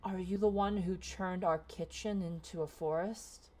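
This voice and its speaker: A woman voicing a forgetful, gentle young female giant who talks slowly and simply. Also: lowish voice, fairly even intonation, natural voice. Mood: curious.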